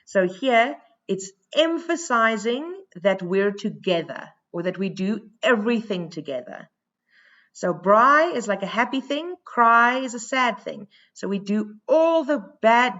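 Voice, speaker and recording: A South African woman teaches a poetry lesson in an unhurried, deliberate way. She explains each point step by step with a chatty, informal manner. The home recording sounds slightly muffled. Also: mid-range voice, a bit bright.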